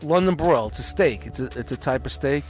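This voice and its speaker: A man's voice: medium pitch, animated, brisk, faint music behind. A middle-aged man, telling long, profane, rambling stories on a casual podcast, full of restarts. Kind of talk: casual storytelling chat.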